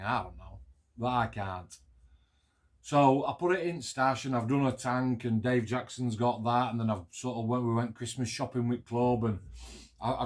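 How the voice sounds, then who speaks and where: A Yorkshire man from Barnsley talking in a loose, rambling way, with plenty of restarts and broad dialect phrasing. His voice sits at an ordinary middle pitch. It sounds like an easygoing hobby chat to camera. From England. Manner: rambling, chatty, with many restarts and dialect grammar. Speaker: scale model builder and YouTuber. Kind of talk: casual chat.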